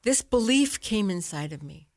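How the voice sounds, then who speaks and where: A woman's voice: medium pitch, very animated, moderate pace, darkish tone, no echo. An older woman, a guest author, telling a personal story in an interview and acting out her own past thoughts.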